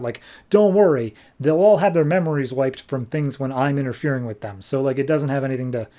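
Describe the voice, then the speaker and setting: A man's voice: medium pitch, dark tone. Chatty man recapping a comic. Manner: chatty, paraphrases characters with loose quick voices. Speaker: comic book podcast host.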